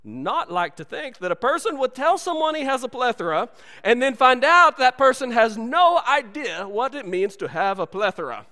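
A man's voice: very high-pitched, very animated, moderate pace, pushed and bright, big-room sound, voice pushed up, exaggerated voice. A man voicing a pompous, moody male bandit chief from a comedy film, speaking with indignant insistence.

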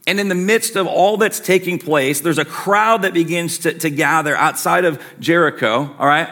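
A man's voice: on the high side, normal speed, bright, forceful tone. A man preaching a sermon as a pastor, earnest and emphatic, his intensity rising and falling.

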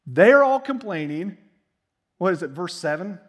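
A male pastor preaching a sermon in a casual, conversational way, with animated asides and slang. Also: sits high.

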